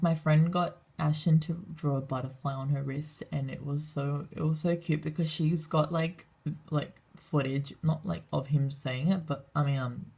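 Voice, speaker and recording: A teenage girl vlogging in an excitable, rambling way, swearing freely and tripping over her words. Her voice sits low and has a gravelly, husky edge. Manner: excitable, swears a lot, fast rambling with many fillers. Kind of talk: casual storytime vlog.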